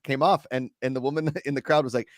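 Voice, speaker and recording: A man hosting a casual talk show, animated and joking, with quick reactions. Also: medium pitch, no echo, clean studio sound. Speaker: host. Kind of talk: casual chat.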